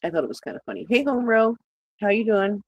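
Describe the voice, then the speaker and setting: Speaking quickly in a sing-song, mid-range voice, this woman hosts a casual livestream, calling out viewers by name. She jokes sarcastically and laughs at her own lines, though the audio is muffled.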